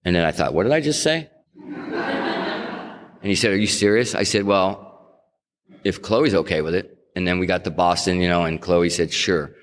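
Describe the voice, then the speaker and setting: A man's voice: low voice, fairly even intonation, moderate pace. A middle-aged man from New England telling his personal recovery story at a sobriety meeting, earnest and conversational, often restarting his sentences. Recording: echoey hall reverb.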